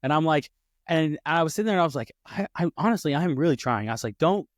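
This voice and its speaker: Animated man telling a story. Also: on the high side, fast talker, no room sound, clean studio sound. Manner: animated, acts out quoted voices, many restarts. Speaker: podcast co-host. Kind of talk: casual storytelling chat.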